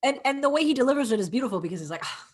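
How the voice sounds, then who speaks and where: Animated woman acting out film scenes. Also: sits high, racing. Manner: animated, profane, acts out characters' lines. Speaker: co-host. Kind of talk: casual chat recapping a film.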